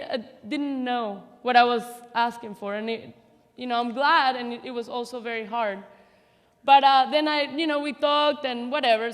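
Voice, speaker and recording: With a high-pitched, somewhat bright voice, a woman in her thirties delivers a memorial speech, recounting a personal story in a laughing, chatty, self-deprecating style. It was recorded live in a large hall, with hall reverb.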